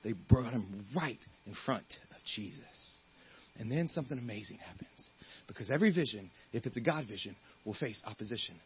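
A man preaching a sermon as a guest speaker. He is animated, acts out the figures in his story and gets loud and fired up at the high points. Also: fairly quick, highs cut off, a little hiss or hum.

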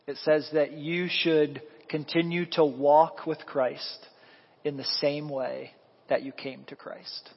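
A man preaching a sermon as pastor, animated and quizzing the congregation with questions. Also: a little high, takes it slowly, vocal fry, slightly rough. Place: church sanctuary. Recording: echoey hall, dull lo-fi sound.

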